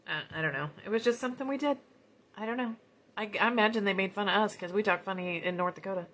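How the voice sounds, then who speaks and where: Her mid-range voice is a bit bright, and she talks fast. In a Southern US accent, this woman from the United States demonstrates card-making live, chatting in a folksy way as she works through a casual crafting session.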